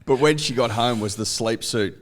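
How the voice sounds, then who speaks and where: A man's voice: mid-range voice, moderate pace. A man co-hosting a casual podcast, chiming in with short questions and reactions. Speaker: podcast co-host. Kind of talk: casual chat.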